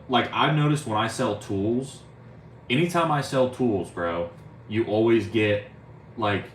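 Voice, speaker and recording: Young dude rambling on his stream, lowish voice, cusses a lot, roomy echo, bit of background hum. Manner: rambling, profane, says "bro" often; reads viewer chat aloud. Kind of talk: casual live-stream chat. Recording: roomy, faint ambient noise.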